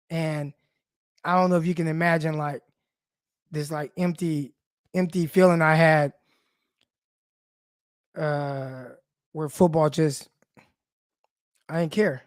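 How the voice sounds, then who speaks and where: A man's voice: on the high side, fairly even intonation, slow pace, long pauses, no echo, studio quality. A young man hosting a sports podcast, talking loosely and personally with many fillers, teary-eyed as he speaks. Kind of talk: casual heartfelt monologue.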